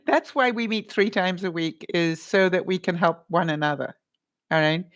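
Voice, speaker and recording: A woman vlogger chatting live with her viewers, giving advice and calling them honey and by their names, in a rambling way with asides. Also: lowish voice. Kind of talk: live-stream advice chat.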